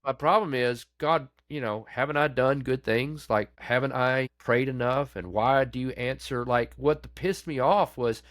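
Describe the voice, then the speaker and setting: In a studio-quality podcast interview without echo, a pastor unhurriedly recounts his grief and faith, speaking with few pauses. He keeps it candid and conversational, imitating the voices he quotes, and turns quiet and low at the hardest moments.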